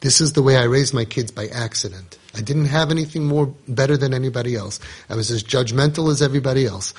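A man's voice: mid-range voice, quick pace, slightly rough. A man giving an impassioned Torah talk on parenting and judging others, acting out imagined dialogue with a raised voice. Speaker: parenting guide speaking on Torah teachings.

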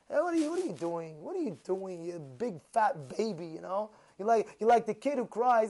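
A man's voice: high-pitched, big pitch swings, normal speed, a little mellow. A man preaching as a rabbi in an emphatic, repetitive manner full of rhetorical questions. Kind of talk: sermon.

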